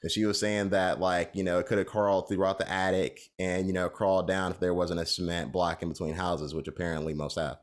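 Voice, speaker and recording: Deep-voiced guy on a podcast just rambling thru a story, lots of da da da. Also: little pitch movement, fairly quick, hardly any pauses. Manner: rambling anecdote with fillers like "da, da, da". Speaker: podcast co-host. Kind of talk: casual storytelling chat.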